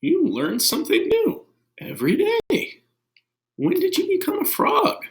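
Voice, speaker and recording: A man's voice: very high-pitched, wildly swooping pitch, a little slow, creaky, pitched above the performer's own voice, exaggerated voice. A man voicing an anxious, earnest elephant in a storybook, his voice rising when alarmed. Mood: worried. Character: anxious worried elephant friend.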